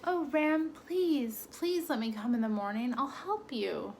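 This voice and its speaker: A woman's voice: sits high, lively intonation, measured pace, a little mellow, slight background noise, pitched above the performer's own voice. A woman voicing an eager, trusting little female dog who pleads in a raised, hopeful voice. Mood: pleading.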